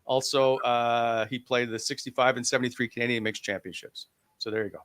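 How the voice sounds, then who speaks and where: A man's voice: mid-range voice, steady tone, brisk, fairly bright tone, dry recording. A man hosting a sports podcast, steering the talk directly to the next topic. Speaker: podcast host.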